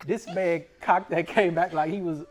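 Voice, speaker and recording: A man co-hosting a casual chat, telling a story in a relaxed way with quoted asides. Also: high-pitched, normal speed, crowd noise. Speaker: podcast co-host.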